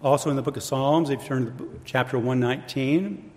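A man delivering a sermon at a middle pitch, measured and reflective, turning now and then to casual asides. His voice carries a long reverb, as if heard in a church hall. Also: a little mellow. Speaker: preacher.

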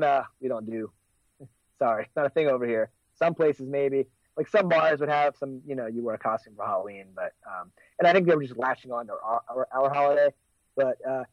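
A man's voice: on the high side, dry recording. Rambling American man, dull dry sound. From United States. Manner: rambling, many fillers and restarts. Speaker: podcast co-host. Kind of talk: casual chat.

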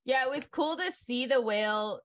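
A woman's voice: high-pitched, normal speed, fairly bright tone, no room sound. Agreeable woman co-hosting a podcast. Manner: agreeable, backs up co-host with frequent yeahs. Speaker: boat operator and podcast co-host. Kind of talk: casual chat.

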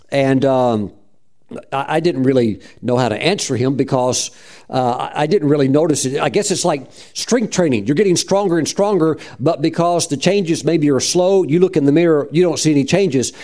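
A man's voice: fairly high pitch, normal speed, darkish tone. A man preaching and telling his own story in a rambling, conversational way, with frequent restarts. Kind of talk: testimony sermon.

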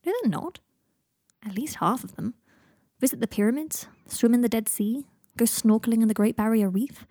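A woman voicing a blunt, sharp-tongued young witch with a brisk, scolding manner. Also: on the high side, no room sound, clean studio sound.

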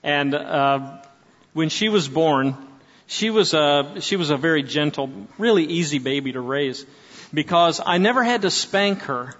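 A man's voice: fairly high pitch, animated, moderate pace, a bit bright. Man in his sixties, echoing hall. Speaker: speaker at a church gathering. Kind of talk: preaching-style talk to an audience. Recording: dull sound with long hall reverb.

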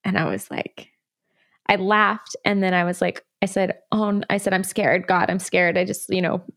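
A woman's voice: medium pitch, level tone, normal speed, creaky, fairly bright tone. A woman in her thirties telling a personal story in a candid, rambling way, with laughs along the way. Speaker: guest.

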